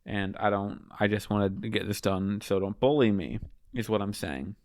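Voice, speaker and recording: A man giving casual, rambling commentary on manga chapters, swearing freely and sounding high. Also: moderate pace, no echo. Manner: profane, rambling, offhand.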